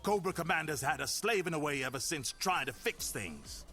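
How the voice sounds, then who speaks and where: An actor playing a gruff, taunting male snake henchman in a video game, with a sneering drawl. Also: on the high side, lively intonation, moderate pace, bright, forceful tone, faint music behind. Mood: menacing.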